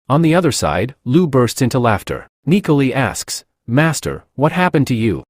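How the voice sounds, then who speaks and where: A man's voice: moderate pace, no echo, clean studio sound. A man reading a comic recap as narrator, doing every character's lines in one plain voice. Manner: reads every part in one plain voice, lively pitch.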